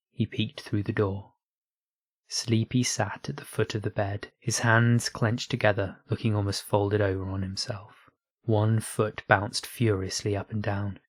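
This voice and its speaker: Low, husky male storyteller. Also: no room sound. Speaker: narrator. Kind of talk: audiobook reading of online fiction.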